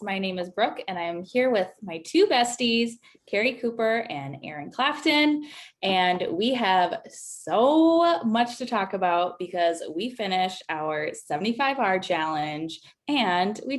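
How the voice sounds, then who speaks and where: A woman hosting a casual podcast chat with her friends, upbeat and quick to laugh. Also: medium pitch, expressive. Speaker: podcast host.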